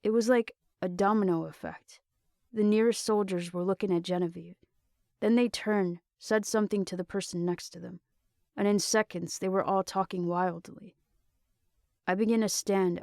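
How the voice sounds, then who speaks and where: Woman reading a novel aloud, measured pace, gravelly, dry. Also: lowish voice, a little mellow, no room sound. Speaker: audiobook narrator. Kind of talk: storybook narration.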